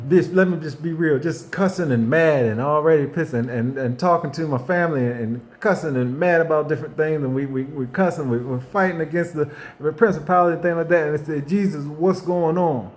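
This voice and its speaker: A man's voice: fairly high pitch, fairly quick. Fired-up preacherly man talking faith. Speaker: motivational faith speaker. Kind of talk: unscripted faith monologue.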